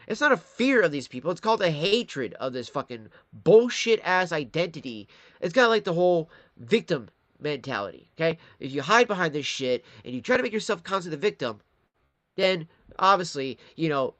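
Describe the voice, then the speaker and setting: A man's voice: high voice, a bit bright, no room sound. A man from Michigan ranting in a live-stream commentary, profane and rambling, talking straight to his chat. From Michigan, USA.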